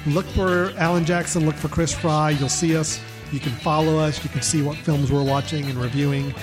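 A man's voice: a little high, fairly even intonation, normal speed, over music. A man hosting a casual film podcast, talking in an upbeat, loose, chatty way. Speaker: podcast host.

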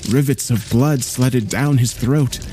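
A man narrating a horror story in a slow, grave storytelling manner. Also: mid-range voice, warm tone, slight background noise.

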